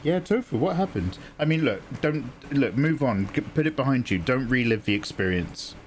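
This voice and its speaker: A man's voice: medium pitch, lively intonation, normal speed, slight background noise. A young man chatting casually on his art livestream, joking and laughing at his own stories. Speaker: art streamer.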